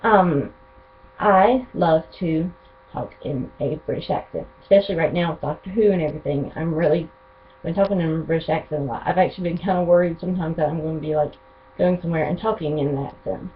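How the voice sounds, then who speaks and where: A woman's voice: sits low, brisk, a little hiss or hum. A young woman, chatting to camera in a rambling, eager way as a vlogger. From North Carolina, USA. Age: 20s. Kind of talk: casual chat to camera. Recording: tinny phone-like lo-fi audio.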